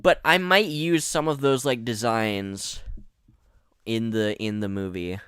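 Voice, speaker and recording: A man's voice: mid-range voice, takes it slowly, a bit bright, clean tone, no room sound, clean studio sound. A young man rambling through casual gameplay commentary as a streamer, often restarting his sentences and reading out chat messages. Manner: rambling, chatty, many restarts. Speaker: gaming streamer.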